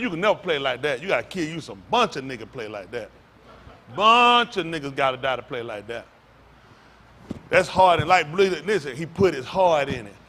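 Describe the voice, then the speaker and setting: High, bright-voiced preacher man. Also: slight background noise. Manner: loud, rhetorical, questions the congregation. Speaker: pastor. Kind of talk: sermon with audience back-and-forth. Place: congregation hall.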